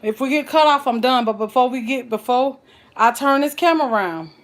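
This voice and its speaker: A woman's voice: sits high, animated, a little fast. A woman chatting folksily while cooking on a live stream, calling her viewers child and honey. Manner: folksy and chatty, full of endearments.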